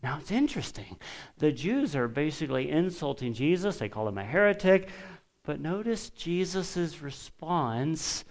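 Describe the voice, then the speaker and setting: Slow, deliberate male preacher. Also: fairly high pitch, big pitch swings. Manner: deliberate, emphatic, with pauses; lifts his voice for quoted scripture. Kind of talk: sermon.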